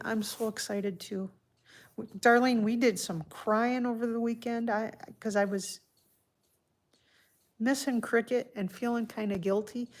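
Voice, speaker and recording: A woman hosting a casual livestream from home, chatting softly and heartfelt while answering viewers by name. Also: mid-range voice. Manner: soft-spoken and heartfelt. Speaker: livestream host. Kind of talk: casual live-stream chat.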